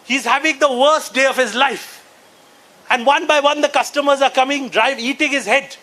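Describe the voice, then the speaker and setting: A man's voice: very high-pitched, normal speed, sharp tone. A man in his forties with an Indian English accent, doing a stand-up comedy set and acting out characters with a punchy delivery. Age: 40s. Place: conference hall before a live audience.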